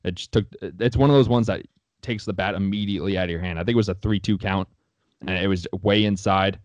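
A man's voice: low-pitched, steady tone, fast, no echo, muffled recording. A young man co-hosting a casual sports podcast, blunt and opinionated and swearing freely.

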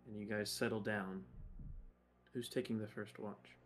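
A man running a tabletop game as game master, narrating the scene in a relaxed, conversational way. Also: lowish voice, unhurried, faint music behind.

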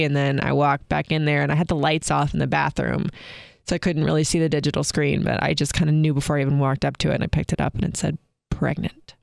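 A young woman tells a personal story on her podcast with frank warmth of detail and frequent "like"s. Her voice has a light gravel to it but stays smooth and clear. The sound is close and dry, with no room behind her. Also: sits low, no echo. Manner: candid, many filler likes, laughs while telling. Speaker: podcast co-host.

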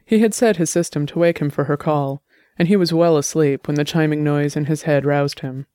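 A man narrating an audiobook in a measured, even storytelling manner. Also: a little high, smooth, no echo, studio quality. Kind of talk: scripted narration.

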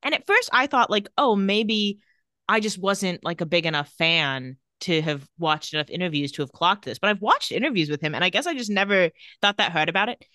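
A woman co-hosting a casual recap chat, retelling scenes and reading out the characters' lines in a flat voice. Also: on the low side, fairly quick, dry recording, studio quality. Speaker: podcast co-host.

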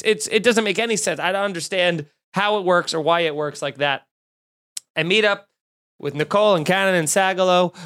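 A man with a high-pitched voice tells a rambling travel story on a podcast. He talks casually, jokes a lot and swears freely. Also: clean tone. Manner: animated, profane, jokey anecdotes.

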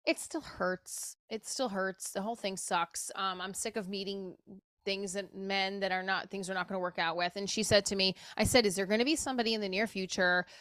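A woman's voice: medium pitch, steady tone, a little fast, fairly bright tone, no echo, studio quality. A woman talking candidly and emotionally in a rambling personal monologue, swearing casually as she goes. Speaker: show creator talking to camera.

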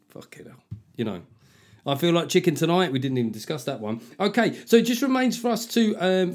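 A man's voice: a little high, darkish tone. A man hosting a podcast, chatting casually and reading out listener reviews with sweary, self-mocking asides. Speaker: podcast host.

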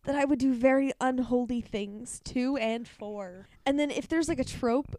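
A woman's voice: sits high, moderate pace, mellow, dry recording. A young woman co-hosting a podcast, chatting casually in a brash, bawdy way and swearing freely. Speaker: podcast co-host. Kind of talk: casual chat.

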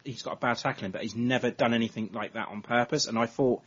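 A man's voice: medium pitch, steady tone, quick pace, a bit bright, husky. An English man hosting a football podcast, hesitant and thinking aloud in casual chat. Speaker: podcast host. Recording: dull lo-fi audio.

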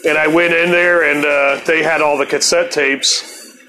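A man's voice: fairly high pitch, level tone, a little slow, pushed and bright, soft background music, rough recording. A man in his fifties telling a profane personal story in a laid-back, casual way as a podcast host. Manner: laid-back, swears constantly, laughs at his own stories.

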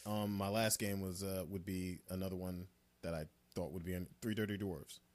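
A man's voice: low-pitched, steady tone, moderate pace. A man in casual podcast chat, giving his game picks with some hesitation.

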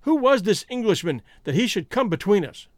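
A man voicing a bitter, desperate male American outlaw who talks loud and fierce. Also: sits high, big pitch swings, fairly quick, no echo, studio quality, voice pushed up. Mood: grieving defiant.

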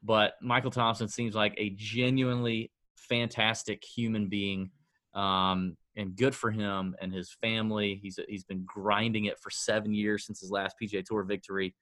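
A man's voice: on the low side, level tone, normal speed, a bit bright, no echo. A man hosting a casual sports-betting podcast, joking and self-mocking as he chats with his co-host.

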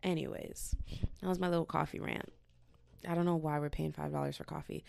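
A woman's voice: low-pitched, fairly quick, creaky, dark tone, dry recording. A woman hosting a solo podcast, ranting in a slangy, exasperated casual way into a podcast mic. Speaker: podcast host.

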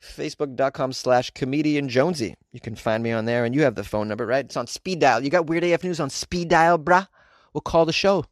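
Male podcast host, mid-pitch, joking and rambling, laughs a lot, dry close-mic sound. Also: fairly quick, no room sound. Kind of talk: casual podcast monologue.

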